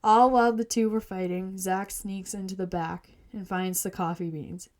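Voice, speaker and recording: A woman's voice: mid-range voice, steady tone, moderate pace, a little mellow. A woman hosting a podcast, reading her own fantasy story aloud with a playful, teasing manner.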